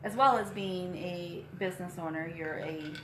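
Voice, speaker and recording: A woman's voice: on the low side, moderate pace. A middle-aged woman co-hosting a casual live chat, adding short supportive asides. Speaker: co-host, the mother. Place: inside a small shop. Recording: echoey room with faint noise.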